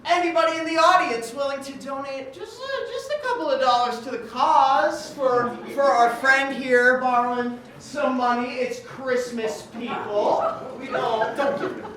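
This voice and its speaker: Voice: sits high, a little slow, sharp tone. A performer on a small theatre stage, rambling through instructions to volunteers with self-mocking jokes. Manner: self-deprecating, rambling, joking asides. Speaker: stage performer leading audience participation. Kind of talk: live improv comedy. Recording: echoey hall from far off, audience noise.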